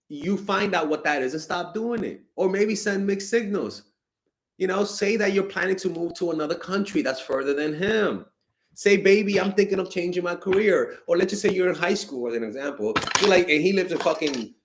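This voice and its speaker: A young man giving blunt, animated dating advice to fans in a casual stream, swearing freely and sounding exasperated. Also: high-pitched. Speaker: dating coach answering fan questions.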